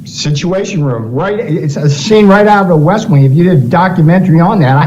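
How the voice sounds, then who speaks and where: A man recounts an anecdote in an interview, telling it briskly with acted-out quotes. His voice is slightly high and lively. The clip sounds dull and lo-fi, with faint background noise. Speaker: interviewed former official.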